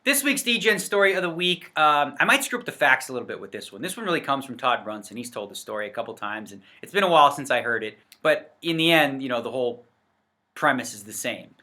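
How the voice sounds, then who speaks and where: Guy rambling to the camera, bright forceful voice, lots of um and you know, self-corrects a lot. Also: mid-range voice, sing-song, fast talker, faint music behind. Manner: chatty, rambling, with frequent fillers and self-corrections. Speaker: poker vlogger. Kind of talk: casual to-camera rant. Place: indoors in front of a set backdrop. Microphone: facing the camera.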